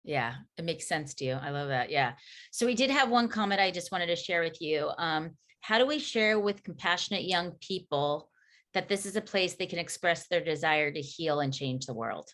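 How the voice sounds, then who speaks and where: Low-voiced chatty woman host. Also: lively intonation, normal speed, a bit bright. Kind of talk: casual chat on a video call. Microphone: video call.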